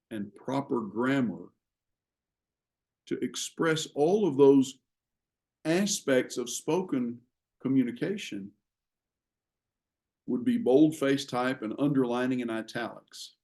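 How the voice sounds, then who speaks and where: A man teaching a class on writing, explaining ideas in a measured way with frequent pauses. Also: mid-range voice, mellow. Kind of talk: classroom lecture.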